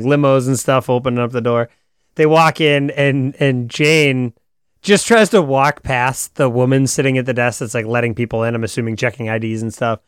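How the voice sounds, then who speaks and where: A man co-hosting a casual TV episode recap, retelling scenes in an animated way and acting out what the characters say. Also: mid-range voice, clean tone, dry recording, studio quality. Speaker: podcast co-host.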